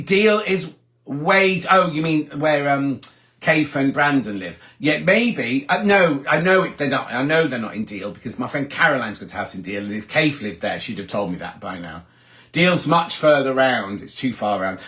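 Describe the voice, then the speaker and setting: A man's voice: mid-range voice, lively intonation, moderate pace, fairly bright tone. An older man, hosting a casual live chat about sewing and reading out viewer comments as he answers them. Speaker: host of a sewing livestream.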